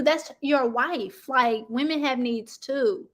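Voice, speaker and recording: A woman hosting a casual reality-TV gossip chat, animated and chatty, talking straight to her viewers. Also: high voice, slow pace, few pauses. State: sniffling from allergies. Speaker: YouTube commentary host.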